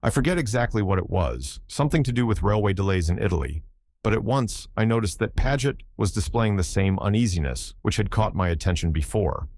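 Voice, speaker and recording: A man narrating a novel in the first person, in a measured storytelling manner. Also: on the low side, expressive, a little mellow. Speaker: audiobook narrator.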